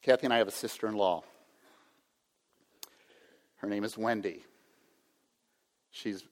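An older man in his sixties delivers a sermon with a low, steady voice. He speaks earnestly and now and then acts out a self-important inner voice. The sound carries a long reverb from a church hall. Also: a little slow, long pauses. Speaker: pastor.

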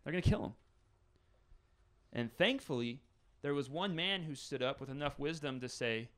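A man's voice: a little high, lively intonation, normal speed, long pauses, fairly bright tone. A man preaching a conversational sermon as pastor, building scenarios with rising intensity.

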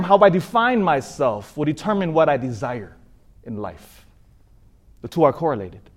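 A man from California, a priest, preaching a sermon in an earnest storytelling manner that rises for emphasis. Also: on the high side.

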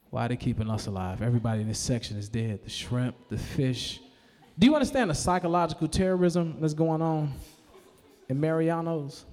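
Profane stand-up comedian in a reverberant room. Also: male voice, mid-range voice. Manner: profane, animated, shouts character voices. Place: live comedy venue.

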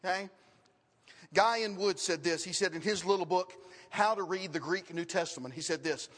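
High-voiced preacher in a reverberant hall. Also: male voice, moderate pace, a bit bright. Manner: teaching with questions and emphatic repetition. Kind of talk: sermon.

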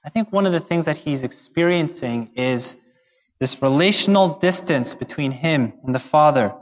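Pastor, male, slightly higher voice, earnest conversational sermon, muffled recording in a reverberant hall. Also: animated, moderate pace. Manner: earnest, conversational preaching with fillers. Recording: dull sound in a long-echo hall.

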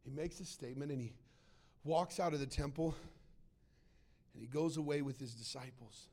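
A man preaching a sermon to a church congregation, swinging between loud acted-out quotes and quiet, low asides. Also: moderate pace. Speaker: pastor.

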